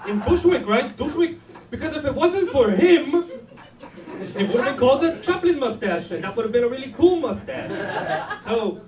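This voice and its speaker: A man's voice: very high voice, normal speed, a crowd in the background. A man with an Israeli accent performing a punchy stand-up set in a comedy club, with audience laughter behind him. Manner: animated, punchy delivery. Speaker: stand-up comic. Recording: roomy club sound from a distance.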